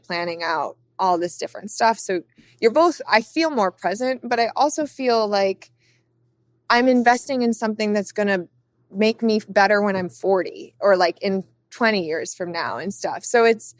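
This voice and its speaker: A woman's voice: mid-range voice, moderate pace, dry recording. Chatty young woman, dry close sound. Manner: chatty, many "like" fillers. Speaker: guest. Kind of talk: casual conversation.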